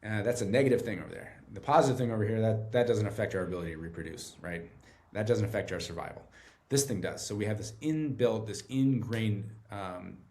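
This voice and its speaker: A treatment center director appears as a podcast guest, speaking earnestly in a low, gravelly voice with a steady, grounded weight. He explains things briskly but in a relaxed, conversational way, often tagging his points with "right?" to check in with the listener.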